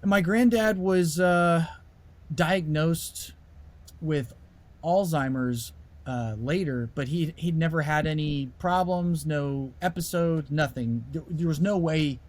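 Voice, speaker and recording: A man, a musician being interviewed, telling a story in a lively way and raising his voice sharply when he acts out what people said. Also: fairly high pitch, slow. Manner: animated storyteller, voice rises sharply when acting out quoted lines. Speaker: musician guest.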